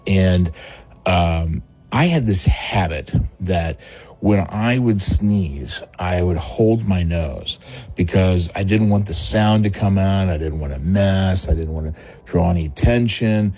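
A man's voice: low voice, takes it slowly, husky. A comedian, calling in and telling a story with lots of animation, laughing as he acts out the people in it. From Texas, USA. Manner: animated, laughing through his own story, acting out quoted voices. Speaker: comedian calling in to a radio show. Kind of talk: storytelling on a phone call. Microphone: phone call.

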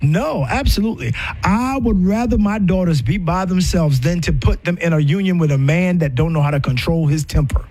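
A man's voice: a little high, a little mellow, breathy edge. A middle-aged man giving relationship advice in an impassioned, preaching style, repeating himself for emphasis and asking rhetorical questions.

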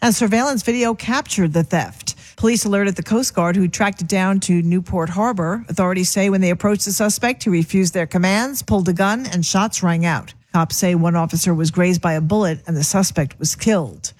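A woman files a radio news report. She speaks in a crisp, brisk, professional tone. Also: fairly low pitch, darkish tone.

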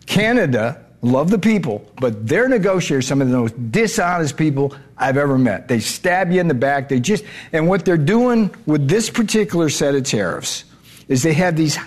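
A man's voice: fairly high pitch, lively intonation, normal speed, a little mellow. A man answering interview questions as a trade adviser, blunt and emphatic, often repeating words as he restarts.

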